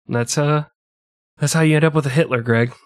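A man's voice: a little high, brisk, no echo. Man in his thirties, comedic history podcast host, irreverent and swearing, dry close mic. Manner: irreverent, profane, laughs often.

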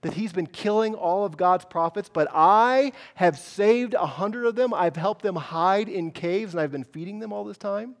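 A man voicing a frightened, loyal male servant who pleads in a hushed way. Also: high voice, normal speed, hardly any pauses. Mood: pleading.

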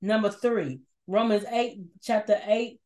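A woman's voice: medium pitch, steady tone, a little slow, a little mellow. A woman preaching an emotional, repetitive sermon and sharing her own testimony of struggle. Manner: passionate, repetitive, emphatic; shares personal testimony.

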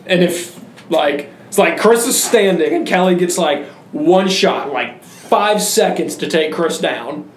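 A man's voice: sits high, lively intonation, slow, a little hiss or hum. A young man hosting a casual podcast, joking and teasing his co-hosts with lots of laughter. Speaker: podcast host. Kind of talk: casual chat. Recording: roomy room echo.

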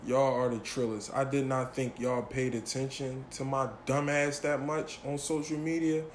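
A man's voice: mid-range voice, little pitch movement, moderate pace, reverberant, a little hiss or hum. A man in his thirties hosting a casual podcast, joking and swearing loosely. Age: 30s. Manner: loose, profane, joking banter. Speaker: podcast host.

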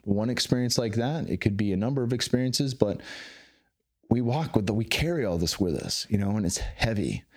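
A man in his thirties talking candidly as a podcast guest, swearing freely and getting animated. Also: lowish voice, brisk. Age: 30s. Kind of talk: casual interview conversation.

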